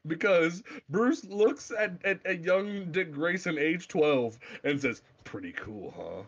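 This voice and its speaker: A man co-hosting a casual comic book podcast, animated and swearing freely as he recaps scenes. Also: slow pace, muffled recording. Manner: animated, swears freely, acts out quotes in a low voice. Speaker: podcast co-host.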